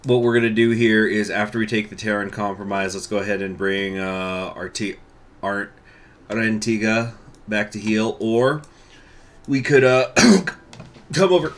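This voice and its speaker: Low-voiced man with hiccups playing a game. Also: steady tone, a little slow. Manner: chatty, thinking aloud, with throat clearing and coughs. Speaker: gaming YouTuber. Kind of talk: casual let's-play commentary.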